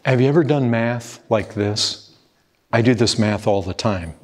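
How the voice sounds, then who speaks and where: Male preacher with a husky, mid-pitched voice who delivers an urgent, pleading sermon. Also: measured pace. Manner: pleading, urgent, repeats "brethren". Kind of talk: fervent sermon.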